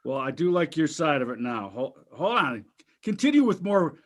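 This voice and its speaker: A man's voice: a little high, very animated, moderate pace. A man co-hosting a markets talk show, chatting casually in a blunt, profane, joking way.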